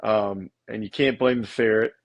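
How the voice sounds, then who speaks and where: A man's voice: lowish voice, fairly even intonation, normal speed, gravelly, muffled recording. A man, co-hosting a podcast in a frank, matter-of-fact casual way. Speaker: podcast co-host, bird breeder.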